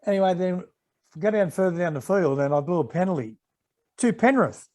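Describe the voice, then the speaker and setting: Australian man, 60s, fairly high voice, lively storyteller, former referee. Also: fairly quick, soft background music. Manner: animated anecdotes, acting out quoted exchanges. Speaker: retired rugby league referee, podcast guest. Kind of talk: casual storytelling interview.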